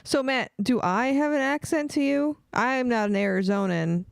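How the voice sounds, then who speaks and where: A woman's voice: fairly high pitch, moderate pace, vocal fry, smooth, no echo, clean studio sound. A woman from the US East Coast co-hosting a casual podcast, laughing often and adding short reactions. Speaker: podcast co-host. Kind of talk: casual chat.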